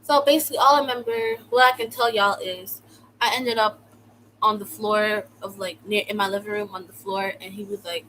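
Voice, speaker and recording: A young woman from the United States telling a personal story in a casual, slangy way, with sudden loud outbursts. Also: mid-range voice, normal speed, slight background noise, rough recording. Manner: animated, slangy, swings into loud exclamations. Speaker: vlogger.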